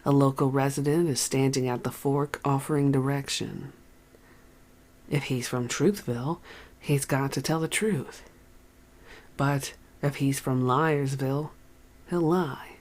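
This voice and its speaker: A reflective former prisoner muses on truth and lies in a calm, plain-spoken manner, as an audiobook reader voices him. He speaks slowly and unhurriedly, at an everyday mid pitch. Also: natural voice. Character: philosophical man, former prisoner, fond of riddles.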